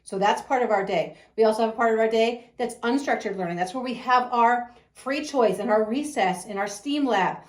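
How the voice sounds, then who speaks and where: Gushing, high-voiced preschool teacher woman. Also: moderate pace, hardly any pauses, roomy sound. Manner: effusive, gushing, laughs often. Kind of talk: enthusiastic promotional talk.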